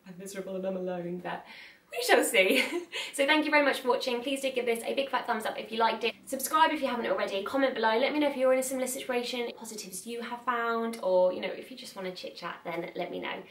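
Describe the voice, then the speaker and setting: A woman's voice: a little high, quick pace, fairly bright tone, far from the mic. A young woman talking candidly to camera in a chatty, earnest way, laughing often. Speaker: vlogger. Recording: echoey room, mic set back.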